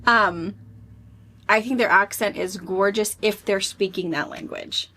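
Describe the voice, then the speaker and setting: Bright-voiced woman co-host chiming in. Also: medium pitch, steady tone, a little hiss or hum. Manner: agreeable, quick to chime in. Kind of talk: casual chat.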